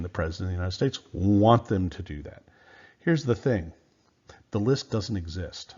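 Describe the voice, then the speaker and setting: A man's voice: low-pitched, a little mellow, dull audio. A man giving a casual history lecture in a loose, conversational way, with many fillers and restarts. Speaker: history teacher.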